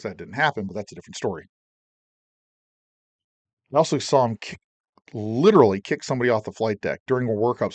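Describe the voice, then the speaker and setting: Animated middle-aged man telling war stories. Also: medium pitch, dry recording. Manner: animated, emotional retelling with swearing and restarts. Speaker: Navy veteran telling his own stories. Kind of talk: casual personal storytelling.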